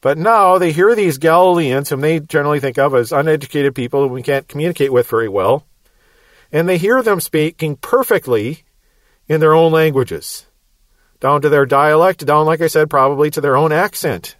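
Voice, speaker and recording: A man's voice: a little high, moderate pace, dry recording. A man with a Midwestern American accent teaching the Bible verse by verse, explaining patiently and repeating words as he goes.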